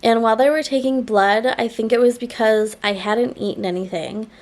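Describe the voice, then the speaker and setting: A woman talks in a relaxed, rambling vlog chat, peppering her sentences with "like". Her voice sits a touch high and sounds a little nasal, as she is still getting over a sore throat. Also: moderate pace. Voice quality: slightly nasal. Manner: rambling, frequent "like" fillers. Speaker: vlogger. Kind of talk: casual chat to camera.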